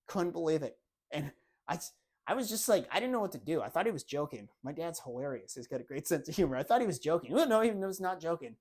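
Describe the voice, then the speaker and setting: A man in his thirties hosting a podcast, telling a family story in a relaxed, animated way. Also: fairly high pitch, fast. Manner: animated storyteller, acts out family members' lines. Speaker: podcast host. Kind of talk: casual storytelling monologue.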